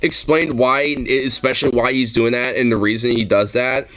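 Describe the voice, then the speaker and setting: A man's voice: medium pitch, fairly even intonation, normal speed, fairly bright tone. A man giving a casual, profane reaction commentary, mocking and often laughing.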